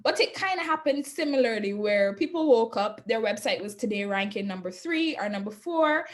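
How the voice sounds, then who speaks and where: A woman's voice: a little high, animated, moderate pace. A woman giving a casual webinar presentation on digital marketing, chatty, laughing often and checking in with "right?". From not from Jamaica.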